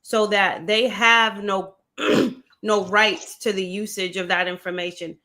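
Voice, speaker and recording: Woman host, bright, forward tone, steady and supportive. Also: mid-range voice. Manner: direct, encouraging, measured. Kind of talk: livestream interview.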